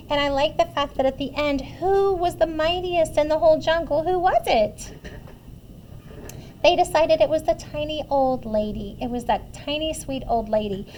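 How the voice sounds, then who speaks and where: A woman's voice: high-pitched, moderate pace, slight background noise. A woman reading a picture book aloud to children, asking them questions about the pictures as she goes. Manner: animated, asks listeners questions about the pictures. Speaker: children's story reader.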